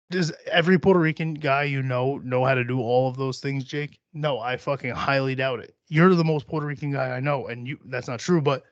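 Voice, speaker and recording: A man's voice: mid-range voice, no room sound, dull audio. A young man hosting a solo podcast, rambling and joking with plenty of profanity. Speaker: podcast host.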